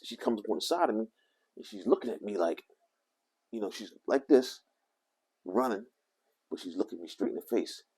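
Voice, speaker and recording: An older man telling a rambling, animated story to the camera. He often corrects himself as he talks. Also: deep voice, breathy edge. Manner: animated, meandering, self-correcting. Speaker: vlogger.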